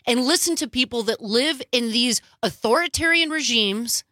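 A woman's voice: on the high side, animated, moderate pace, pushed and bright, no echo, clean studio sound. A woman co-host giving emphatic, indignant political commentary.

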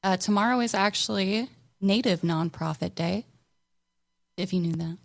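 A woman co-hosts a community radio show and reads out event announcements in a loose, easygoing way. Her voice has a gravelly edge of fry and she leans on fillers as she goes. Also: mid-range voice, normal speed. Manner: relaxed, with many fillers. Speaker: radio co-host. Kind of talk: casual radio chat with announcements.

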